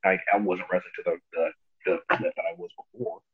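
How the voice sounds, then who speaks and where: A young adult man, a pro wrestler, telling stories in a casual interview, animated and quick to laugh. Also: low voice, creaky, husky. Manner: animated, laughs often, acts out quotes. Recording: tinny phone-like line.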